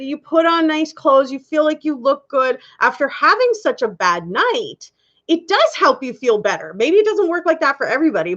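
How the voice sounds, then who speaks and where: Chatty high-voiced woman streamer. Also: muffled recording. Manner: chatty, candid, laughs often. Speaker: live-stream host. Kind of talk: casual chat with live viewers.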